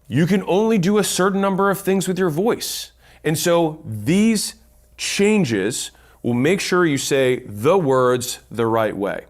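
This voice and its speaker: A man's voice: a little high, lively intonation, a little slow. A man giving a blunt instructional talk on sales, counting points off and swearing casually. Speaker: business speaker teaching sales. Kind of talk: instructional monologue.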